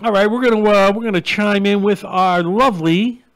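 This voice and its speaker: Blunt ranting man, high voice. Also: normal speed. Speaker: live show host. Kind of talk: live-stream rant and chat.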